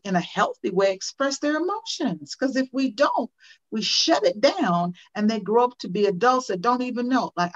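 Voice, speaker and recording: An older woman speaking as a guest in an interview, earnest and emphatic, often repeating questions for effect. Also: fairly high pitch. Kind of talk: conversational interview. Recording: dull lo-fi audio.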